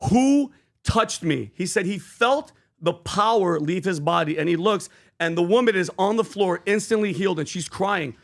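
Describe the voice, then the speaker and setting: High-voiced man retelling scripture. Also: moderate pace, few pauses. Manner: animated, preachy storytelling. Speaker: podcast co-host. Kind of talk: casual podcast talk.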